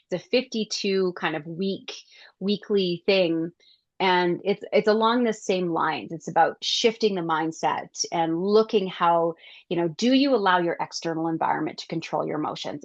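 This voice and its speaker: A woman wellness coach leading a class, telling stories and acting out her own reactions in a lively way. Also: fairly low pitch, dry recording, highs cut off.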